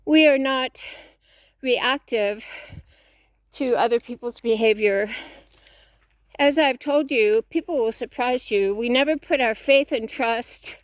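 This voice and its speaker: A fairly high-voiced woman talks outdoors as she walks, a little out of breath, giving an earnest, preachy motivational talk that circles back on its own phrases. The sound is close and dry. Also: slow, long pauses, no room sound. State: slightly out of breath. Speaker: fitness vlogger. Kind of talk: motivational talk while walking.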